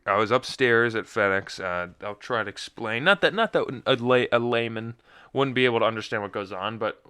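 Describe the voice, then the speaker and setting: A man's voice: fairly low pitch, pushed and bright, clear, resonant tone, dry recording, clean studio sound. A young man hosting a solo podcast, telling a rambling, self-mocking story full of tangents. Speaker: podcast host. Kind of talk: casual solo chat.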